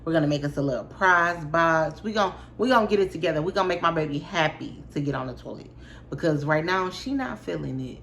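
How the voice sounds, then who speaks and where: A woman's voice: sits low, fast talker, vocal fry, a bit bright, a little hiss or hum. A young woman in her twenties, chatting casually and expressively to her viewers in a storytime vlog, full of slang. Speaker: vlogger. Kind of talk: casual storytime chat to camera.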